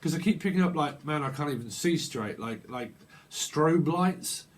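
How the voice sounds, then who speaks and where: A man's voice: on the high side, animated, moderate pace. A man giving a casual, rambling tarot reading, repeating phrases and acting out little exchanges. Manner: rambling, repetitive, acts out little dialogues. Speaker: tarot reader. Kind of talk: casual intuitive reading monologue.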